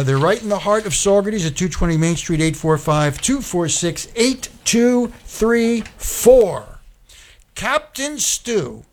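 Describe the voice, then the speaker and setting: A man hosting a radio talk show, reading sponsor spots in a loose, chatty way with lots of ums and uhs. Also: high-pitched.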